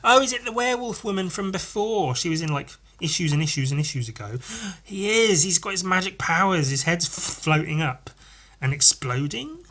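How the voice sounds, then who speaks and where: A young man with a somewhat high, bright and forceful voice talks casually on his podcast. He rambles, swears freely and gushes over the artwork as he flips through the pages. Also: expressive, normal speed. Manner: profane, rambling, enthusiastic. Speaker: podcast host reviewing comics. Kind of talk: casual chat.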